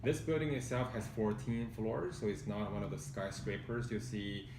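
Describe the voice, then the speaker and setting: A real estate agent with a measured, factual delivery, presenting a condo unit indoors. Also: male voice, on the low side, steady tone, recorded from a distance, background noise. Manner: measured, factual, hesitant fillers. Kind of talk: informative property presentation. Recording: roomy sound from off-mic.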